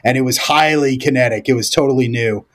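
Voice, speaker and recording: A man's voice: medium pitch, fast talker, a bit bright. A man, a former Marine, talking as a podcast guest in a loose, rambling way, full of fillers, restarts and casual swearing. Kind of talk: casual storytelling conversation.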